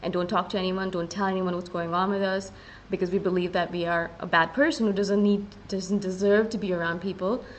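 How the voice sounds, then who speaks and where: A woman's voice: fairly low pitch, steady tone, a little hiss or hum, low-quality recording. Earnest woman hosting a solo podcast. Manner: earnest and confessional, often slowing down to stress words. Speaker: podcast host. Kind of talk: casual solo podcast talk.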